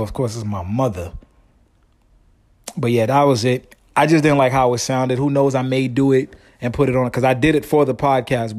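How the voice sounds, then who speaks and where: A man hosting his own podcast, telling a long story in a rambling, slangy way with many restarts. His family comes from Guyana. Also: medium pitch. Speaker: podcast host. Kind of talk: casual solo podcast monologue.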